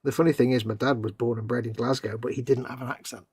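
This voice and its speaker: Chatty man with a husky voice. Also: mid-range voice, steady tone, fast, dry recording, clean studio sound. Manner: chatty, laughs often, drifts into soft trailing asides. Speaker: livestream co-host. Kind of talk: casual chat.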